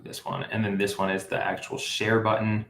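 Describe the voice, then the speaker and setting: A man's voice: lowish voice, completely flat delivery, moderate pace, creaky, fairly bright tone, roomy sound, a little hiss or hum. A man hosting a live app-building stream, thinking aloud with fillers and self-corrections as he works. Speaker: livestream host building an app. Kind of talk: casual live coding walkthrough.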